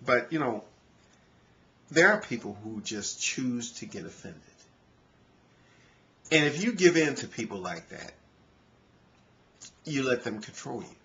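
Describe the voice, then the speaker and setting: A man's voice: medium pitch, big pitch swings, a little slow, pauses often, bright, forceful tone, dull audio. A man vlogging in an earnest, conversational way, with frequent "you know" fillers. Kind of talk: casual talk to camera.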